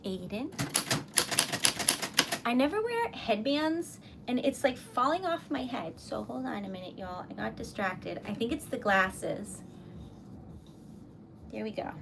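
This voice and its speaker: A woman's voice: fairly high pitch, vocal fry, a little hiss or hum. A woman hosting a live stream, chatting casually and giggling as she talks to her viewers while typing. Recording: loud typewriter clacking behind voice. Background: typewriter keys and bell.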